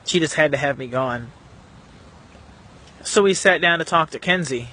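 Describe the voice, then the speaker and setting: A man telling a painful personal story to the camera in an earnest, emotional, halting way. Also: a little high, bright, forceful tone. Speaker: vlogger.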